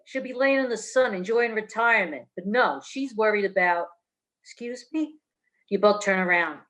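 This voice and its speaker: A woman's voice: medium pitch, fairly bright tone. A woman from New Jersey reading her own noir fiction aloud in a blunt, streetwise way over a video call. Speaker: author reading her work.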